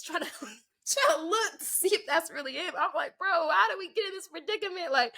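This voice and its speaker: Her voice very high-pitched and a little fast, a young adult woman relates a story on the podcast she co-hosts. She plays out the quoted lines with animation, and "like" fills much of her speech.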